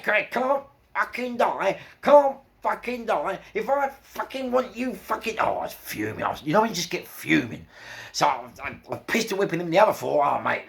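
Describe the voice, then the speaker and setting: A man with a London accent casually telling a crime story, swearing freely and acting out the quotes. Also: mid-range voice. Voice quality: gravelly. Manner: swearing, animated retelling with acted quotes.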